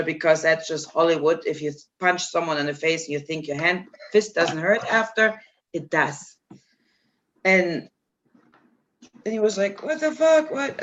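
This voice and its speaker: Blunt, animated woman telling a story. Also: low voice. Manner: blunt, animated storytelling with frequent laughter and swearing. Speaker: storyteller guest. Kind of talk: casual chat. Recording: dull lo-fi recording with faint hiss.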